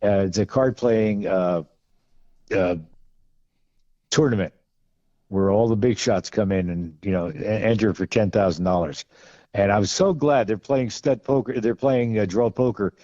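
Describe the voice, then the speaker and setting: Low mellow man telling wry anecdotes. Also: a little slow, long pauses, dry recording, highs cut off. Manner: rambling, wry, many restarts and fillers. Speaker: podcast guest, film costume and gun expert. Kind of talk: casual anecdotal storytelling.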